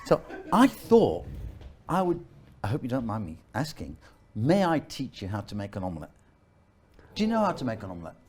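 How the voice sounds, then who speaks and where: A man's voice: medium pitch, huge pitch swings, fairly quick, long pauses, a little mellow, husky. A man hosting a live cooking segment, chatty and joking, fussing with a constant "hang on". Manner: fussy, joking, keeps saying "hang on". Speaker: cooking show host. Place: outdoor park cooking setup.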